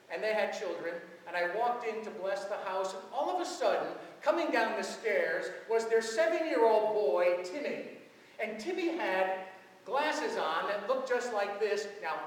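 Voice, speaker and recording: A man preaching as pastor in a large church, telling stories in a lively way. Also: sits high, recorded from a distance, slight background noise. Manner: storytelling, animated. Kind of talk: sermon. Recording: echoey church heard from afar.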